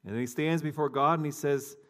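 A man's voice: fairly high pitch, steady tone, a little fast, fairly bright tone. A man preaching a sermon, telling a story conversationally and talking directly to his congregation. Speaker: pastor.

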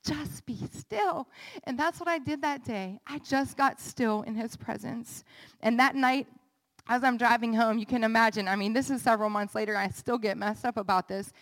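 A woman's voice: a little high, fairly even intonation, normal speed, long reverb tail. A woman in her thirties preaching an earnest, emotional testimony and leading a prayer. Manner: earnest, emotional, builds to fervent peaks.

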